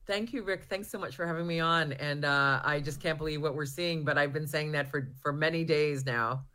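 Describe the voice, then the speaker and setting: A woman's voice: low-pitched, normal speed, pushed and bright. A woman guest in an interview, speaking earnestly with frequent restarts and fillers. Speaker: guest, research group founder. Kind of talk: interview answers.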